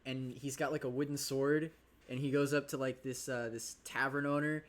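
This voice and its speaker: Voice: mid-range voice, level tone, moderate pace. A streamer casually commenting on a video game, joking, swearing and rambling. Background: game music.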